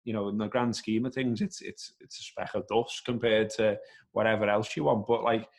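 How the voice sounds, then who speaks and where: A man's voice: lowish voice, little pitch movement, normal speed, a little mellow. A man speaking as a podcast guest, thinking aloud in a rambling, casual way with some swearing. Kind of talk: casual conversational podcast chat.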